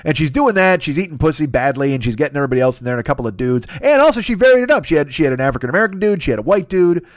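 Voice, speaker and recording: Fast, rambling profane man. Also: very animated, dry recording, studio quality. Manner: rambling, profane, mimics others in high voices. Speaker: podcast host. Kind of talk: crude comedic monologue.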